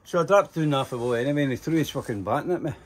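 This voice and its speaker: Older Scottish man, mid-pitched, telling long anecdotes with loose swearing and lots of "eh" fillers. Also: rapid-fire, a little hiss or hum. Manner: rambling, profane, full of "eh" fillers. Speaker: interviewee telling stories. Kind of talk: casual storytelling.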